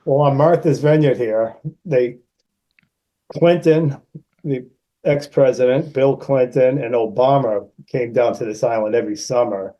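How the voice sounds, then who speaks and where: A man in his sixties from Massachusetts, a guest actor telling animated anecdotes and acting out the people in them. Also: unhurried, rough recording. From Massachusetts, USA. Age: 60s. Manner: animated anecdotes, raises pitch to act out quoted people. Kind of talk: casual storytelling.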